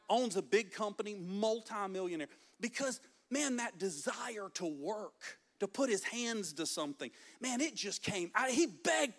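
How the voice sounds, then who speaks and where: A man's voice: sits high, a bit bright. A man preaching a fervent, emphatic sermon to a congregation. He often drops in "man" and "listen" as he presses his points. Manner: peppers talk with "man" and "listen". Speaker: pastor. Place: church service before a congregation.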